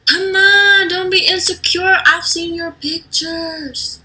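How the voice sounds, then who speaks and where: A woman's voice: mid-range voice, lively intonation, takes it slowly. A woman doing an eager, pushy teen friend. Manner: eager, breathy whispers and bright outbursts. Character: pushy, excitable teenage girl best friend.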